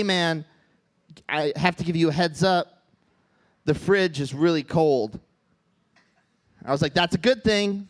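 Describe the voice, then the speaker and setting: High-voiced halting comedian in his thirties. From Midwest United States. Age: 30s. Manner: deadpan, halting with restarts. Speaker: stand-up comedian. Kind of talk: stand-up set. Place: comedy club stage.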